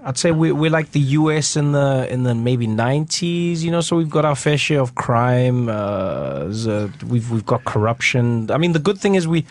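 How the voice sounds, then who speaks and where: A South African man, a guest comedian, telling stories in casual talk-show chat, animated and laughing as he acts out the people in them. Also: mid-range voice, normal speed, hardly any pauses, dry recording.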